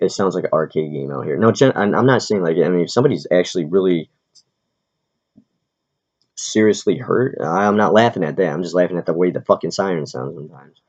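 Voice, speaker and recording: A man who is an aspiring comedian, ranting in a rambling, profane, quick-tempered way as he vlogs in a big city. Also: low-pitched, darkish tone. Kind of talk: casual rambling rant. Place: big city, in or near Manhattan. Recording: dull lo-fi recording.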